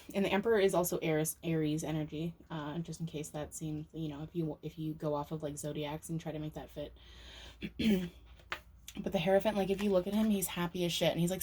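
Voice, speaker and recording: Low-voiced woman giving a rambling tarot reading. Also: a little mellow. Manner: rambling, filler-heavy, swears casually. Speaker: tarot reader. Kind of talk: casual tarot reading to camera.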